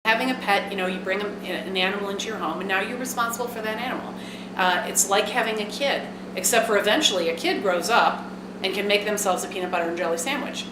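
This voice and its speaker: A woman's voice: medium pitch, fast talker. A woman explaining cat care in a documentary interview, earnest and explanatory with a few fillers. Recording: echoey room with background noise.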